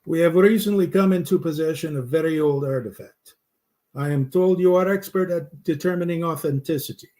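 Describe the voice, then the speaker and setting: A calm, unhurried Russian heavy, as a storyteller puts him on, with a thick accent and clipped, broken grammar. The menace sits under the politeness in a spoken campfire story. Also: male voice, a little high, voice pushed up, close to an everyday voice.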